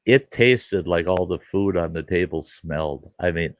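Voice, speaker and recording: A deep, gravelly man spins a folksy story in easy conversation, laughing along and acting out the voices of the people in it. His voice sits very low, and the sound is dry and close. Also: a little slow, no echo. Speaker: show host. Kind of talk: casual storytelling chat.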